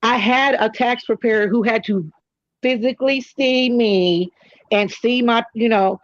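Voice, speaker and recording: A woman's voice: a little high, a little slow, no echo, muffled recording. A middle-aged woman from California hosting a casual chat, telling candid stories with joking asides. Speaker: host.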